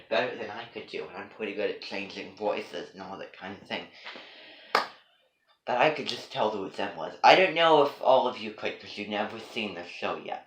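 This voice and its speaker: A man's voice: on the low side, a bit bright, a little hiss or hum. Rambling, hesitant man in an echoey room. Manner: hesitant, full of ums and restarts. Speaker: vlogger. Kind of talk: rambling one-sided chat to camera.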